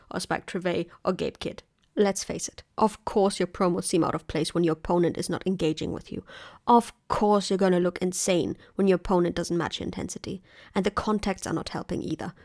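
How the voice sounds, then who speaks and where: A woman reads a scripted video essay in a clear, analytical voice, with a wry edge now and then. Her delivery is plain and conversational. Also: mid-range voice.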